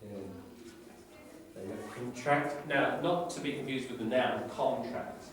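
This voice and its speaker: A man's voice: medium pitch, normal speed, crowd noise. A man teaching an English vocabulary lesson, going through words one by one and asking tag questions as he explains them. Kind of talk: classroom vocabulary lecture. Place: classroom. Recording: very echoey classroom from far off.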